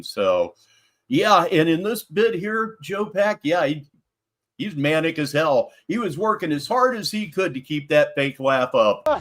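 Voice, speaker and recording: A male stream host talks in a lively, swooping voice that sits a little high. He is sarcastic and contemptuous and swears freely as he comments on a clip. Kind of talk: livestream commentary.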